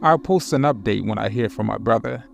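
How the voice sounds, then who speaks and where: A man narrating scary home-alone stories in a measured, suspenseful way. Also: fairly low pitch, gravelly, faint music behind. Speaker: horror story narrator. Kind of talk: scripted narration.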